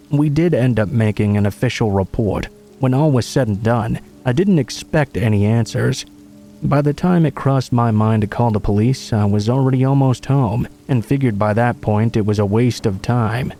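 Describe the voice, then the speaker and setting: A man narrating a true horror story in a calm, measured storytelling read. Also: mid-range voice. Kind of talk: scripted narration.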